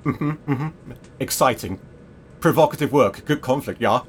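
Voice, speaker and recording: A man's voice: mid-range voice, unhurried, slight background noise, close to an everyday voice. A man playing a pretentious clipped theatre director. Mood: terse directing. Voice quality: clipped pronouncements ending in a questioning "yeah?". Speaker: self-styled theatre director. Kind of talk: sitcom acting.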